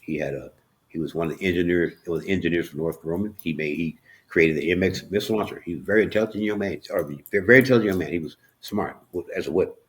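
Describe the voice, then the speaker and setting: A man's voice: low voice, rapid-fire. A man telling his personal story as a podcast guest, earnest and emotional, often restarting and repeating words. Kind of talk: candid personal storytelling in an interview.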